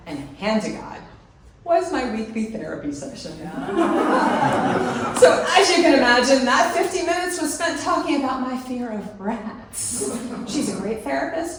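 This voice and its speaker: A middle-aged woman telling a story on stage, animated and breaking into laughter mid-sentence. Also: on the high side, background noise. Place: large hall at a live event. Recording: echoey hall, picked up from a distance.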